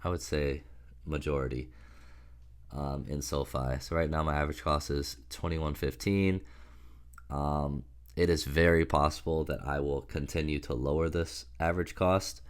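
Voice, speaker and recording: Stock vlogger, male, extremely deep pitch, sounds under the weather, rambling fillers. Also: clean tone. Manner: loose, rambling, many fillers. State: sick voice. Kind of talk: casual portfolio update to camera.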